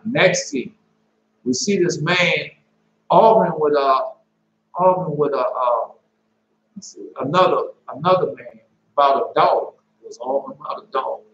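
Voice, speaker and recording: A man recounting his dreams in a casual, rambling way, halting often and repeating and correcting himself as he goes. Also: fairly high pitch, fairly bright tone. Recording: roomy, dull lo-fi with faint hum.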